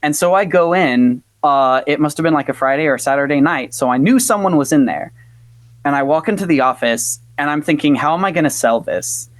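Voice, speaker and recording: A man's voice: on the high side, brisk, no room sound. A man from the United States, a folk-punk musician, telling a story animatedly in a casual interview and acting out the people he quotes, with plenty of filler words.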